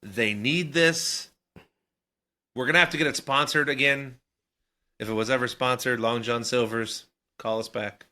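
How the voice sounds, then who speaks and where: A man's voice: medium pitch, steady tone, measured pace, bright, forceful tone. A man co-hosting a podcast, chatting in a laid-back, rambling way and laughing often. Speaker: podcast co-host. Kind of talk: casual banter.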